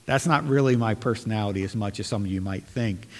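A man's voice: lowish voice, fast, long reverb tail. A man preaching a sermon as pastor, talking earnestly and conversationally and reading scripture aloud.

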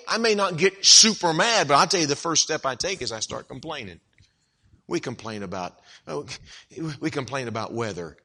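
A middle-aged man preaches with a dramatic, theatrical delivery, acting out the people he quotes. His pitch swings widely, and his tone is bright and ringing, sitting a little higher than most men's voices. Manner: dramatic, acts out quoted voices, rising to loud emphatic peaks. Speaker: pastor. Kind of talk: sermon.

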